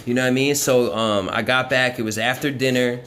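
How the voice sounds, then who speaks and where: Sex: man. Role: vlogger. Style: casual storytelling. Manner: rambling and profane, heavy on fillers. Pitch: mid. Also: steady tone, brisk, fairly bright tone, slight background noise. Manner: rambling, profane, constant "you know what I mean" fillers. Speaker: vlogger telling his life story.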